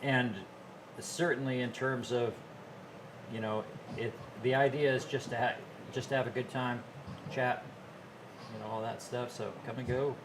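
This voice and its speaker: A man's voice: mid-range voice, moderate pace. Rambling easygoing man with background noise. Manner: relaxed, rambling with many fillers and restarts. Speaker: host. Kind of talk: casual live-stream chat.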